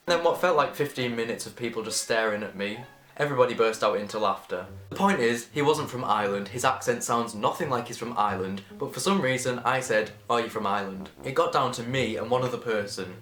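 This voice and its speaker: A young man from England telling a casual storytime story, chatty and animated, acting out the voices of the people in it. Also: medium pitch. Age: young adult. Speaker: vlogger. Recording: echoey room, faint music behind.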